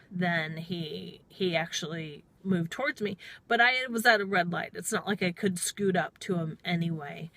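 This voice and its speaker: A middle-aged woman tells an anecdote from her work as a taxi driver. Her voice sits a little low, and she talks in a chatty, meandering vlog style, often acting out her own replies. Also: fairly bright tone. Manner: chatty and rambling, quoting herself with "I'm all". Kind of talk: casual storytelling vlog.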